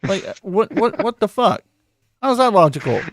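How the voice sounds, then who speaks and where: Excitable, foul-mouthed podcast host man. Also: high voice, moderate pace. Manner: excitable, swears a lot, repeats words. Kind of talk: casual profane podcast chat.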